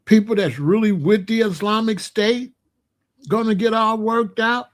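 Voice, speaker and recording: A man in his sixties hosting a livestream, chatting casually to his live chat in a slow, repetitive, drawling way. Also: high voice. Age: 60s. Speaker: livestream host.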